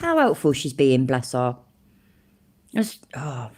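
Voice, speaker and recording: Woman, reaction streamer, low voice, animated pitch, blunt, sarcastic, swears a lot. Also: slow pace. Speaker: livestream reaction host. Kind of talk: casual live commentary on a played video.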